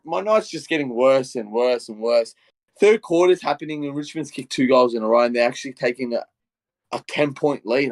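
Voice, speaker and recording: Animated Australian man ranting on a podcast. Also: a little high. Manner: animated storytelling, swings between muttering and loud outbursts. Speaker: podcast co-host. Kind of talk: casual podcast rant.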